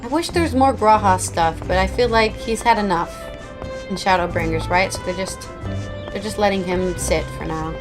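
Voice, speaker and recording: A woman's voice: medium pitch, moderate pace. A woman streaming a game, chatting casually, joking and swearing while reading dialogue aloud. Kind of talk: casual gameplay commentary. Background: game music.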